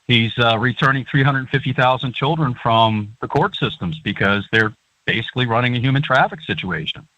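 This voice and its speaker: A man with a medium-pitched, sharp voice calls in as a guest on a talk show, speaking earnestly and ramblingly with plenty of fillers. The line is dry, dull and lo-fi.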